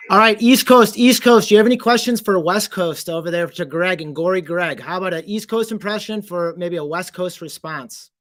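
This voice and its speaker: Male host, upbeat, effusive, slightly high voice, dry close sound. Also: brisk, few pauses, fairly bright tone, no room sound. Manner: upbeat, effusive, hypes guests. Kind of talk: casual chat.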